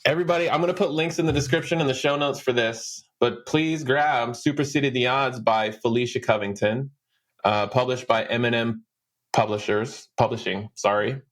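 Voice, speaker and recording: A man's voice: mid-range voice, normal speed. A man hosting a podcast interview, casual and affirming, thanking his guest and pointing listeners to the show notes. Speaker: podcast host. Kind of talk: conversational interview.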